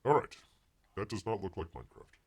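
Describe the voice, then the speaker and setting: A man's voice: lowish voice, big pitch swings, a little fast, darkish tone, husky. A man hosting a live stream, giving sarcastic commentary with frequent exclamations and calling himself Bear in the third person. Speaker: livestream host.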